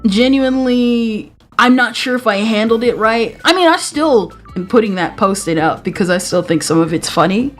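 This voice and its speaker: A young woman streamer with a slight Southern twang, chatting casually and laughing often, sometimes stuttering and restarting. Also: on the high side. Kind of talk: casual chat.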